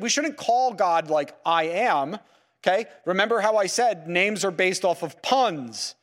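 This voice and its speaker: A man leads a Bible lecture in a room with slides, his voice pitched high for a man. He keeps the class engaged with rhetorical questions and frequent checks of "okay?" and "right?". A long hall reverb trails his words. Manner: peppers sentences with "okay?" and "right?". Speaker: Bible teacher.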